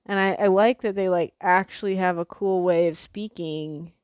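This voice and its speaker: A woman's voice: lowish voice, steady tone, moderate pace, smooth, dry recording, highs cut off. A young woman from the Pacific Northwest rambling casually to camera, swearing freely, with lots of fillers and restarts. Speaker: vlogger.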